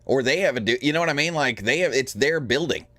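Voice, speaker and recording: A man co-hosting a political talk podcast, thinking out loud in a casual way. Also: medium pitch, expressive, fast talker, no echo. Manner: musing, thinks aloud. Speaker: podcast co-host.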